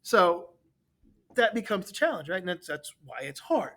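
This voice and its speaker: Animated man co-hosting a history podcast. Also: sits high, normal speed. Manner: animated, repeats words while thinking. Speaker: podcast co-host, history teacher. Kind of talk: casual chat.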